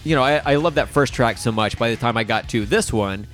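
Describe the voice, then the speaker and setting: A male podcast co-host chats casually about an album in a mid-range, fairly bright voice, moving briskly. He rambles, full of fillers and false starts, while faint music plays beneath the recording.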